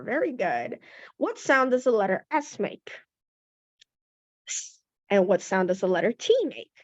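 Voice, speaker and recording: A woman's voice: medium pitch, no room sound. A woman teaching young children English phonics, patiently sounding out letters and praising answers. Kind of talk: slow phonics lesson to children. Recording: dull lo-fi recording.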